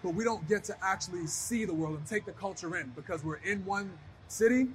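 A man as an interview guest, telling stories in a casual, animated way and acting out voices. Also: high voice, brisk, soft background music. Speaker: guest, pro wrestler.

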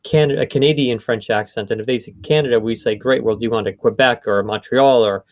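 A man's voice: mid-range voice, a little fast, dry recording. A man talking through how the voiceover business works, explaining at length and often backing up to rephrase. His voice sits in a middle range. The recording is dry and a little dull. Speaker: voice studio owner. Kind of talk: conversational interview.

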